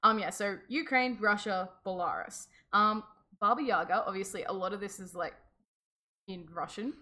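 A woman co-hosting a podcast, telling a folklore story in a giggly, animated casual chat. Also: mid-range voice, moderate pace. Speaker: podcast co-host.

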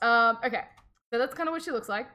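A woman co-hosting a podcast, telling a folklore story in a giggly, animated casual chat. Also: on the high side, fast, a crowd in the background. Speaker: podcast co-host.

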